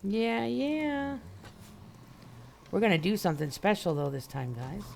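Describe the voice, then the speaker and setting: A woman's voice: low voice, animated, quick pace, creaky, a little mellow, slight background noise. A woman streamer chatting casually with her viewers as she plays, rambling and greeting people by name. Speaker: game streamer. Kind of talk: casual live-stream chat while playing.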